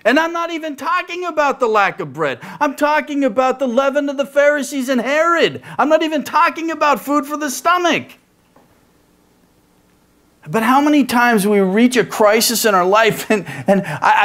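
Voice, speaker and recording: A male pastor delivering a sermon in an animated, rhetorical way, often tossing in "right?" asides. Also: very high voice, normal speed.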